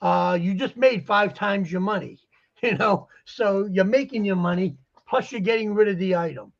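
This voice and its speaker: High gravelly man, lo-fi sound. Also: moderate pace. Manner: rambling, acts out quoted conversations. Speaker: guest poster dealer. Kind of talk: casual chat. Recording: muffled lo-fi audio.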